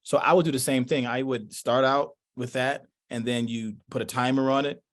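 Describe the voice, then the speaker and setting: Lively male workshop presenter. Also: mid-range voice, moderate pace. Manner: animated, talks in loose thoughts, acts out quotes. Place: workshop room.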